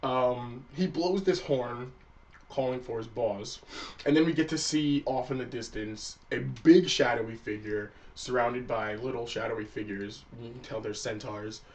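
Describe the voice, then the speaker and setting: Casting note: male anime-review vlogger, mid-pitched, relaxed and profane, sitting a little far from the mic. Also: normal speed. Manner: loose and profane, acts out characters' lines. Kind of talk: casual spoken episode recap.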